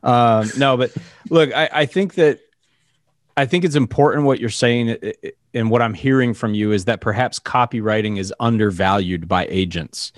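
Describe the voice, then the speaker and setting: A man's voice: mid-range voice, moderate pace, no echo, studio quality. A man interviewing a guest in casual chat, hesitant and restarting his sentences often. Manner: hesitant, many restarts and fillers.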